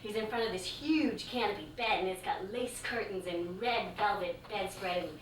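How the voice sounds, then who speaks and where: A woman yoga teacher performing a live storytelling monologue, animated and conversational, full of casual fillers. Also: medium pitch, normal speed. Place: stage before a laughing audience. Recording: echoey, distant live stage recording with noise.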